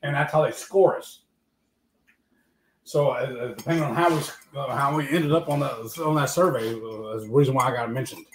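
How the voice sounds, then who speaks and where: Quick-talking man in an echoey room. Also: mid-range voice. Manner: halting, many um and uh fillers. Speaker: live stream host. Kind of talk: casual chat. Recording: roomy echo, faint noise.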